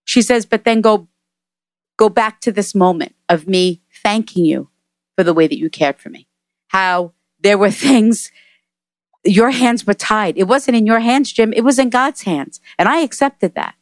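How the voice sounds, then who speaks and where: A woman, a medium, giving an emphatic, animated spirit reading on a podcast. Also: mid-range voice, a little slow, no echo. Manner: emphatic and animated, repeating messages. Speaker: psychic medium.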